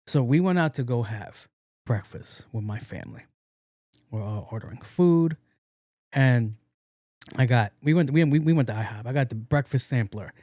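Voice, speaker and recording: A young man hosts his own podcast and spins a funny story in a loose, swearing, lively manner. His voice sits in a medium pitch range. It sounds close to the mic and dry, with almost no room sound. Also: normal speed, no echo. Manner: animated, profane, laughs at his own story. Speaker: podcast host. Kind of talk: casual comedic storytelling monologue.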